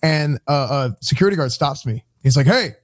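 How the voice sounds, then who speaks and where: Man, rambling casual storyteller, fast pace, dry sound. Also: mid-range voice, no echo. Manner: rambling, repeats words, many fillers. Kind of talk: casual chat.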